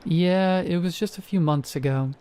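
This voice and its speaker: A man voicing a middle-aged woman neighbor who talks in a flat, matter-of-fact way in a horror story reading. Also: high voice, moderate pace, clear, resonant tone, pitched above the performer's own voice, lightly acted.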